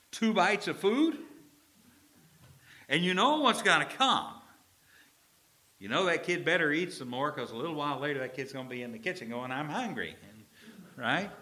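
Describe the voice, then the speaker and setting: A middle-aged male pastor preaching a sermon, swinging from loud drawn-out proclamations to low, chatty storytelling.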